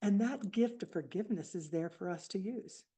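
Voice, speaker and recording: A woman in her seventies telling a personal story at a book fair, reflective and halting with restarts. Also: medium pitch, mellow, husky. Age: 70s. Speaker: author speaking at a book fair.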